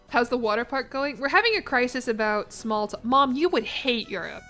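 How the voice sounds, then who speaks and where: A woman's voice: fairly high pitch, expressive, fairly quick, hardly any pauses, sharp tone, soft background music. A young American woman streaming a game and chatting casually with her audience, in a rambling, self-conscious way. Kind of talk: casual chat with a live chat.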